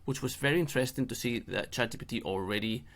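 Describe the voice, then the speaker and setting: Talking fast in a mid-range voice with a bit of brightness, the middle-aged host of an SEO channel walks through a screen-share tutorial. His style is conversational and joking, full of playful asides.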